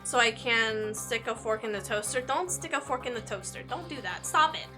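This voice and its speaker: A woman with a fairly high, expressive voice streams a game at a moderate pace, reading the story text aloud and breaking off for joking asides. Game music plays in the background.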